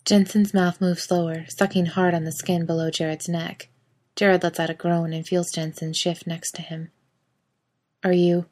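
A woman narrating a story aloud in a steady audiobook reading. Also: fairly low pitch, normal speed.

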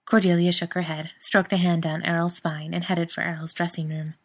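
Woman reading a story out loud, calm and even, lowish voice. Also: brisk, few pauses. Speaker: reader. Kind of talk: storybook narration.

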